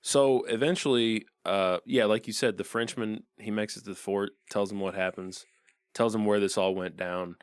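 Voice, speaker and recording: A man with a very low voice co-hosting a casual movie podcast, easygoing and quick to laugh. He is recorded close up in a dry room. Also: fairly even intonation, clear, resonant tone, dry recording. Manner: laid-back, laughs often, chimes in. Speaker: podcast co-host. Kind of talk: casual movie recap chat.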